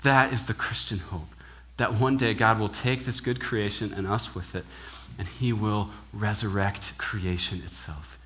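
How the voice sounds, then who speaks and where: Man, young adult, minister, lowish pitch, conversational sermon, animated, acts out dialogue. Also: a little slow, hardly any pauses. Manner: casual and animated, acts out quoted dialogue, frequent "right?".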